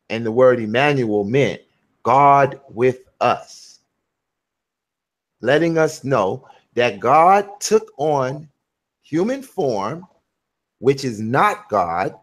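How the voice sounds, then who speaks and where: Slow, deliberate man explaining scripture. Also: mid-range voice. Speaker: host. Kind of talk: casual religious discussion.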